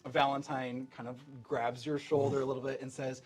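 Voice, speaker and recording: A man's voice: mid-range voice, level tone, moderate pace, hardly any pauses. A man narrating as game master of a tabletop game in a loose, chatty way with many fillers.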